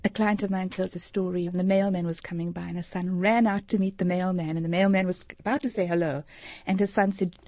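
A woman's voice: on the low side, fairly even intonation, brisk, hardly any pauses, a little mellow, no echo. A middle-aged woman from Africa, a social worker explaining earnestly as a radio interview guest. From South Africa. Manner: earnest, explanatory, gives anecdotes.

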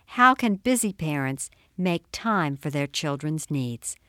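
A woman host telling a scripted family scene in an animated, storytelling way. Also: low-pitched, unhurried, hardly any pauses, no echo, studio quality. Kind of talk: scripted narration.

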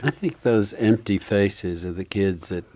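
An older man answering as a guest expert in a relaxed, friendly way. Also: on the low side, unhurried, no echo.

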